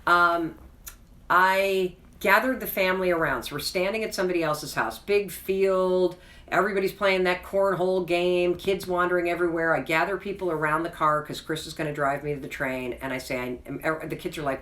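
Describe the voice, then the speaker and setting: Low-voiced woman, frank and chatty. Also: fairly even intonation, a little fast, a bit bright, recorded from a distance. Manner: chatty, self-deprecating, frank; earnest, reassuring pep talk. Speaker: host. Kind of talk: candid personal storytelling to camera.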